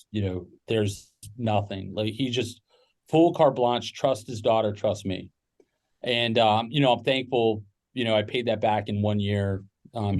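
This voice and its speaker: Low-voiced man telling his story. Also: darkish tone. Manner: rambling with many fillers and restarts. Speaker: podcast guest, business owner. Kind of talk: casual storytelling.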